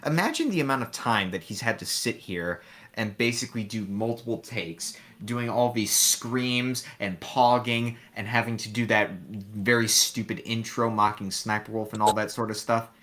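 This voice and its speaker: A man's voice: fairly low pitch, moderate pace, fairly bright tone. A man co-hosting a reaction commentary, mocking and swearing casually. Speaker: co-host.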